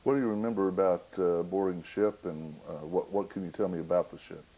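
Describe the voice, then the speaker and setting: A man's voice: sits low, brisk, dark tone, rough recording. A man interviewing a veteran, asking short prompting questions from off microphone. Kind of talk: oral history interview questions.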